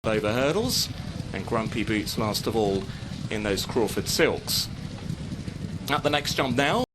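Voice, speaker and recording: A man giving live horse racing commentary as a steady running call of the field. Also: lowish voice, a little slow, background noise.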